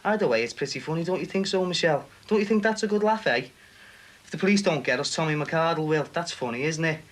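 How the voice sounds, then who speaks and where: A man's voice: fairly high pitch, expressive, fast, fairly bright tone. A sardonic young man. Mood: sarcastic. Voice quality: teasing, sardonic. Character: wisecracking young working-class man, sarcastic. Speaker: son and boyfriend in a soap. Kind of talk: TV soap acting. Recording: noisy TV soundtrack.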